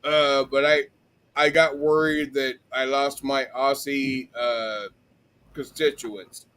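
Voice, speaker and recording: A man hosting a casual live show, speaking hesitantly with many pauses and restarts. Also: mid-range voice, fairly even intonation, a bit bright, clear, resonant tone. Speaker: host. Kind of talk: casual chat.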